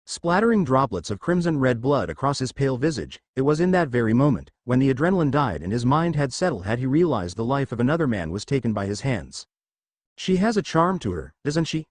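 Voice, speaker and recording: A man reading an action fan story aloud with steady, dramatic delivery. His pitch rises and falls in a lively way, and the sound is dry and close to the mic. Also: no echo. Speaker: narrator.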